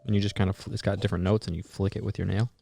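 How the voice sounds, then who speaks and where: A man's voice: on the low side, level tone, racing, vocal fry, music in the background. A man hosting a casual solo podcast, rambling and musing aloud, swearing freely and trailing off into fillers and restarts. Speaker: podcast host.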